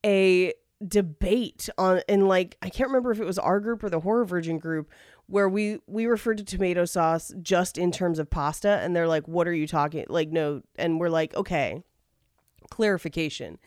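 Wry woman with a lowish voice. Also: darkish tone, no echo, studio quality. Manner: wry, quick quips, chiming in. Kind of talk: casual chat.

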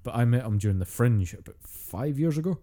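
Fast, sweary Scottish man. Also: medium pitch, animated, dark tone. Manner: sweary, storytelling, acts out quotes. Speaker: podcast co-host. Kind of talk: casual chat.

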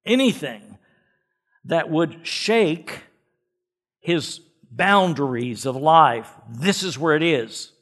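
Male pastor, emphatic sermon delivery, somewhat high-pitched voice, repeats words for weight. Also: animated, takes it slowly, fairly bright tone. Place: church.

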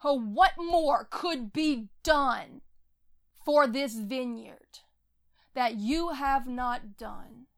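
A woman preaching and praying with fervor, swinging from hushed whispers to loud crying out. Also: sits high, very slow. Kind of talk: impassioned sermon and prayer.

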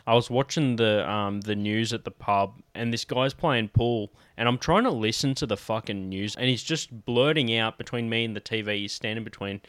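A man's voice: lowish voice, normal speed, few pauses, a bit bright, no room sound. Male podcast co-host, swears freely, laughs through stories, dry close-mic sound. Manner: swears a lot, laughs while telling stories. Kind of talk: casual chat.

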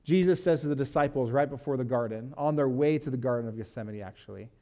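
Mellow-voiced man preaching casually. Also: medium pitch, quick pace. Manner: casual, uses "like" and fillers, reads scripture aloud. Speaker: pastor. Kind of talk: conversational sermon teaching.

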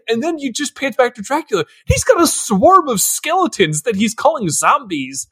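A man co-hosting a podcast in casual movie-review chat, excitable and laughing as he acts out scenes. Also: high-pitched, moderate pace, hardly any pauses, slightly rough. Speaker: podcast co-host.

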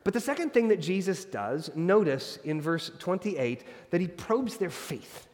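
A man's voice: sits high, sing-song, a little slow. Man preaching with hall reverb. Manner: expository, shifts from emphatic to hushed. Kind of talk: sermon.

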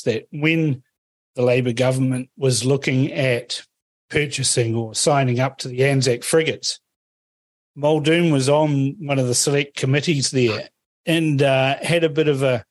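A man's voice: medium pitch, dry recording. A man hosting an interview, prompting his guest with easygoing questions. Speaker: host.

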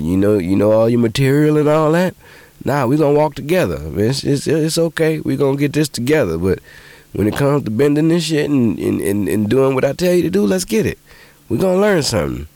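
A man hosting a podcast who tells profane, animated stories in casual monologue and jumps into high voices when he quotes people. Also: normal speed, vocal fry, no room sound. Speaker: podcast host.

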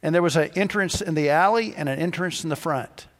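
A pastor delivering a sermon, telling stories and acting out the dialogue in different voices. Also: male voice, on the high side, fairly quick, in a large hall. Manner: storytelling, acts out dialogue in quoted voices.

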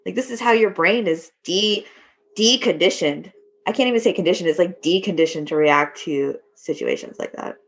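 Candid woman veteran, low voice. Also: normal speed. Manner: candid, laughs at dark humor. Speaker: military veteran. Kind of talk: casual conversation.

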